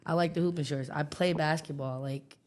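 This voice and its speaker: A woman's voice: deep voice, fairly even intonation, brisk. A woman guest on a casual podcast, talking hesitantly and hedging with "probably" and "um".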